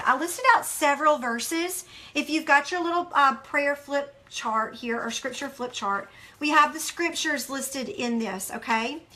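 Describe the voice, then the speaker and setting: A woman's voice: high voice, bright, forceful tone. A woman hosting a devotional study, speaking earnestly and emphatically to viewers and reading scripture aloud.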